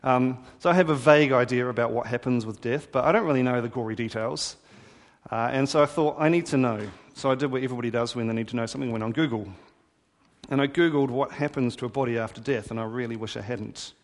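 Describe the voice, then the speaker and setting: A man's voice: mid-range voice, fast. A man preaching a sermon in a conversational, wry storytelling manner. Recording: hall reverb.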